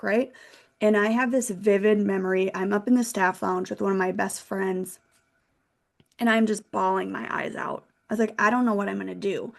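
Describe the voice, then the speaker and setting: Gravelly-voiced woman telling her story. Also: mid-range voice, normal speed. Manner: candid, animated storyteller with laughs. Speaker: guest, financial consultant. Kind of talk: casual storytelling interview.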